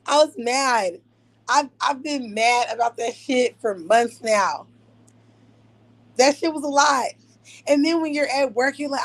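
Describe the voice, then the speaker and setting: A young woman telling a story in a casual, profane rant, animated and breaking into laughs. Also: high-pitched, unhurried, long pauses.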